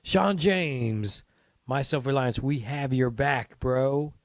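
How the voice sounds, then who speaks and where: Male podcast host, conversational and rambling, earnest, mid-low voice, dry close sound. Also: slow pace, no room sound. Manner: chatty, rambling, earnest, with restarts and asides to listeners. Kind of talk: casual solo podcast talk.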